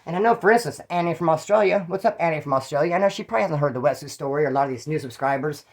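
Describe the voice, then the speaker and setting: Fast-talking man telling street stories. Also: on the high side. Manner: rambling, profane, streetwise slang. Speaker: channel host telling prison stories. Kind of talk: casual first-person storytelling.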